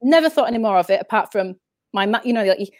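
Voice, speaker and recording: A woman from northern England, speaking with the accent of the region, chats as an interview guest, telling stories in a rambling way and often restarting her sentences. Her voice is medium-pitched, animated and slightly mellow, and she talks fast. There's no echo on the recording.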